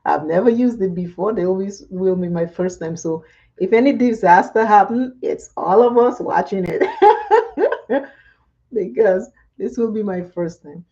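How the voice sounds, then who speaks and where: A woman's voice: medium pitch, unhurried, mellow. A woman chatting casually and laughing often while she does her makeup for a vlog. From Caribbean. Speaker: makeup vlogger. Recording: dull lo-fi sound.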